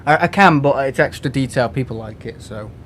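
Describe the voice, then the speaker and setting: A man's voice: mid-range voice, brisk, a bit bright, slight background noise. A man from England chatting casually and rambling on a live game stream from home, with lots of restarts and fillers.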